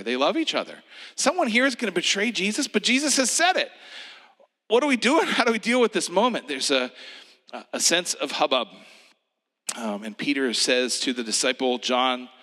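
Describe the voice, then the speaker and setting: Man, gentle reflective preacher: bright tone, hushed delivery, lots of reverb. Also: a little high, big pitch swings, brisk. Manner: gentle, hushed, drops to a whisper. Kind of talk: reflective sermon, guided meditation.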